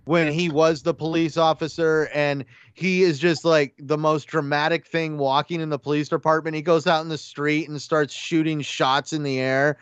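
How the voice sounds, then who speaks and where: A man chatting casually on a gaming podcast, rambling excitedly with lots of fillers and restarts. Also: a little high, moderate pace, few pauses, clean tone, no echo, muffled recording. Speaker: podcast panelist. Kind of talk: casual chat.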